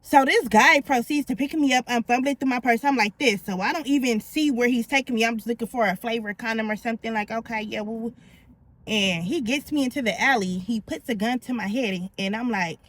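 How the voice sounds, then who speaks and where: A woman's voice: a little high, brisk, a bit bright. A middle-aged woman vlogger telling her own story in a candid, blunt and slangy way. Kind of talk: confessional storytelling.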